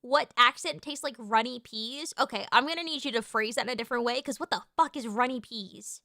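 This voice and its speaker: A woman streamer chatting casually with her live chat, excitable and swearing freely, with lots of fillers and restarts. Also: on the high side, fairly quick, dry recording, clean studio sound.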